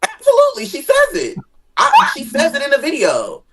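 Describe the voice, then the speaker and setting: A guest chatting casually about family drama, animated, jumping into high dramatic tones and swearing freely. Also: normal speed, gravelly. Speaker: guest sharing family stories. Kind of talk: casual gossip chat.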